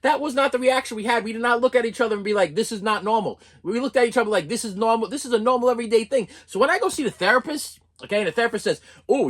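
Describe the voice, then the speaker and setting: A channel host in their forties telling rambling, self-interrupting stories from their childhood in an animated monologue, often laughing at their own stories. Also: medium pitch. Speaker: YouTube comedy channel host.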